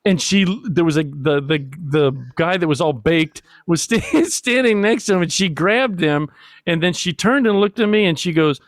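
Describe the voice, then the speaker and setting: A man with a fairly high voice tells a long, meandering comic story, breaking into laughter at his own jokes. His voice sits close and dry on the mic, with no room around it. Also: animated, moderate pace, dry recording. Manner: rambling, laughs often, self-deprecating. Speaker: podcast host. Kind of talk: casual comedic storytelling.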